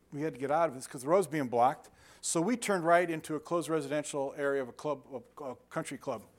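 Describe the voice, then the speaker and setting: An older man delivers a sermon in a somewhat raised pitch. He moves between scripture and loose personal anecdotes, often restarting his sentences and chuckling at himself. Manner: conversational storytelling with frequent restarts and laughter. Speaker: pastor.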